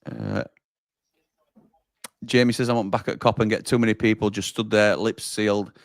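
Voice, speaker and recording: Bloke hosting a football watchalong, low voice, dry close sound, chatty banter. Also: male voice, sing-song, moderate pace, creaky, no echo. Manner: reads out viewer comments, chatty banter. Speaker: watchalong host. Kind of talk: live football watchalong chat.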